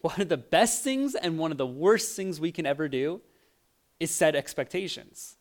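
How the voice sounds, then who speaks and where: A man giving a casual sermon, telling lively stories and acting out the voices of people in them, with frequent restarts. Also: fairly high pitch, moderate pace. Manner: animated storytelling, acts out voices, frequent restarts. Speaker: preacher.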